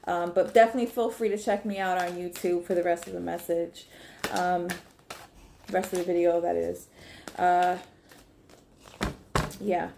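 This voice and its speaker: A woman's voice: fairly low pitch, flat delivery, brisk, creaky, warm tone, slight background noise. A woman giving a casual, chatty tarot reading, swearing freely and talking straight to her viewers. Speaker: tarot reader.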